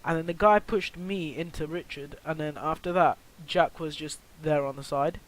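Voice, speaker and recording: A teenage boy recounts a story for his vlog, slightly high in pitch. He rambles, restarts often, packs in fillers and swears freely. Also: moderate pace, poor audio. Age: teens. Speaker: vlogger.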